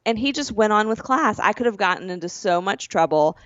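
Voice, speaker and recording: A woman's voice: medium pitch, lively intonation, brisk, no echo, lo-fi sound. A woman co-hosting a podcast, telling a rambling school story in casual chat and correcting herself as she goes. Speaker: podcast co-host.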